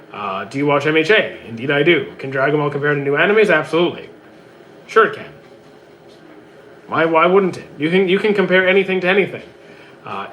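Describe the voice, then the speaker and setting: A man's voice: on the high side, fairly bright tone, slight background noise. Man with a worn-out voice answering chat. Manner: quick offhand answers with many fillers. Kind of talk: casual livestream chat.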